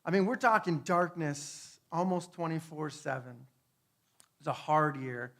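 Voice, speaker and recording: In a slightly high voice and at a slightly slow pace, a man delivers a conversational testimony sermon. He is earnest, swings between hushed and fervent, and often adds tag questions.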